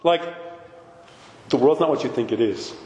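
A man's voice: mid-range voice, moderate pace, darkish tone. A middle-aged man giving an impassioned talk to a parish gathering, emphatic and insistent, often checking with the audience. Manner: emphatic, keeps asking "right?" and insisting he is serious. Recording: echoey hall with long reverb.

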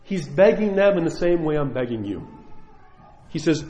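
A priest delivers a sermon to his congregation, pleading earnestly and swinging between loud emphasis and soft asides. His fairly high voice rings with long reverb around a church, and the recording sounds somewhat dull. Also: lively intonation, moderate pace, a little hiss or hum.

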